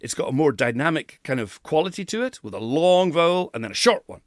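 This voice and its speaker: A man's voice: fairly high pitch, very animated, brisk, dry recording, clean studio sound. A man coaching pronunciation who demonstrates sounds and laughs often. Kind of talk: pronunciation lesson.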